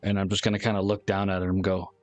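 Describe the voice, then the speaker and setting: Chatty male player, low voice, dry close sound. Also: completely flat delivery, rapid-fire, dry recording, faint music behind. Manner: chatty, laughs easily. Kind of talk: casual tabletop play.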